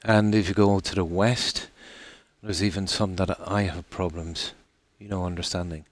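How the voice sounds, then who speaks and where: An Irish man streaming a game live, chatting casually in a rambling way with many pauses and restarts. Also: low voice, steady tone, dry recording. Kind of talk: casual live-stream chat while gaming.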